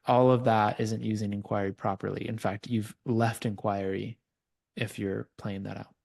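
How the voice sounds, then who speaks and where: A man's voice: on the low side, level tone, moderate pace, gravelly, a little mellow, slightly rough. A man, a coach as a podcast guest, earnestly explaining his ideas in a conversational teaching style and giving examples.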